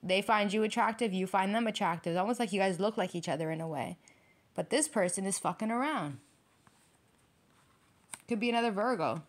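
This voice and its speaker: A woman's voice: medium pitch, a little fast, pauses often. Blunt, profane woman tarot reader. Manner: blunt and profane, repeats phrases for emphasis; breaks into laughter. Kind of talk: casual tarot reading to camera.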